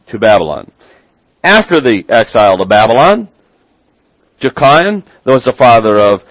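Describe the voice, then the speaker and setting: Pastor preaching in a dry voice. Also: male voice, medium pitch, no echo. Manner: prays softly, then preaches with humor. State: dyslexic, stumbles over names. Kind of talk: sermon.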